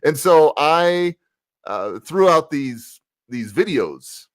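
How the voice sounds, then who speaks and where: Over a video call, a US motivational speaker and rapper guests on a laid-back livestream interview, cheerfully calling out live viewers by name. He speaks slowly in a fairly high, sing-song voice, with no room sound.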